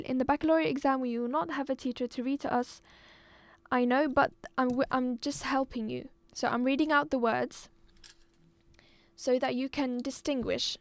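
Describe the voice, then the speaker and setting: A woman teaching a live online exam-prep lesson, patient, repeating words slowly and clearly. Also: high-pitched, no room sound. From Algeria.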